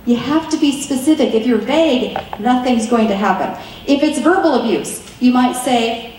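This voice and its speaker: A woman's voice: a little high, moderate pace, a little mellow, slight background noise. A woman giving an earnest, chatty teaching talk to wives, often acting out what to say. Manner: earnest and chatty, slips into quoted dialogue. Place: meeting room. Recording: very echoey room from far off.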